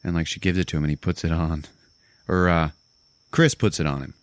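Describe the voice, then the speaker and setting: A man hosting a casual podcast, walking through a movie's plot with animated asides and plenty of swearing. His voice is low. The sound is close and dry. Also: brisk, clean tone, no echo. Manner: animated storyteller, swears, laughs often. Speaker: podcast host. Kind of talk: casual movie recap chat.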